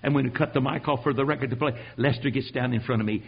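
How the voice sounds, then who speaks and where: An older man preaching his own testimony, telling it dramatically and swinging from hushed tones to shouting. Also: mid-range voice, steady tone, fast talker, creaky, breathy edge, highs cut off. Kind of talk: sermon testimony.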